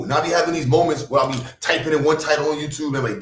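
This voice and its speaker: A Brooklyn, New York man talks very fast while rambling through a casual livestream chat, swinging between loud outbursts and low mutters. He sits back from the mic in an echoey, bouncy room, so the recording sounds distant.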